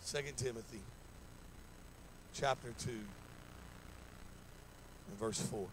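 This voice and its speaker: A man's voice: medium pitch, takes it slowly, noisy background. A man preaching a sermon in a folksy, repetitive way, acting out little stories in quoted voices. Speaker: pastor. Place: church sanctuary.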